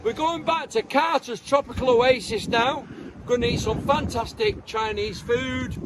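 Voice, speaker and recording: Brief: drunk man, very high voice, drawling slowly, giggly and sing-song. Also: heavy background noise. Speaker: video subject. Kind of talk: casual filmed chat.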